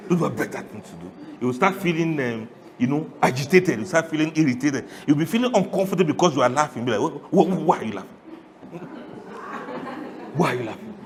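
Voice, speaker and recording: A man giving a lively, humorous sermon, often laughing and asking the audience questions. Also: a little high, big-room sound, slight background noise. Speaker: Islamic preacher.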